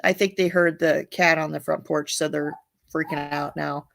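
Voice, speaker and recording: A woman's voice: sits low, steady tone, normal speed, gravelly, a bit bright. A woman hosting a casual livestream, reading viewer comments aloud and chatting bluntly, with frequent swearing and laughter. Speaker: livestream host.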